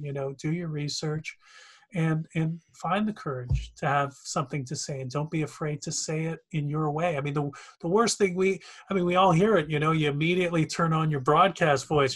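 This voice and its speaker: A man's voice: on the high side, fairly bright tone, husky. A man hosting as a journalism instructor, affirming his guest and summarizing the points in long run-on turns over a video call. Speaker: instructor and host. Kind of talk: interview host.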